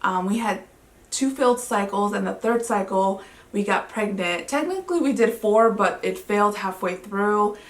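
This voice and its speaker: A woman in her thirties, a vlogging mother, telling her story in a chatty, excitable way with lots of fillers. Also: mid-range voice, normal speed. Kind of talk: casual storytelling to camera. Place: home living room. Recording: roomy echo, mic at a distance.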